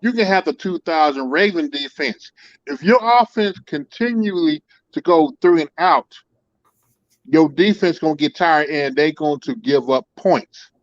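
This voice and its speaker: A man's voice: fairly high pitch, unhurried, no echo, highs cut off. A man calling in to a casual sports talk show, making his points emphatically and repeating words as he builds them.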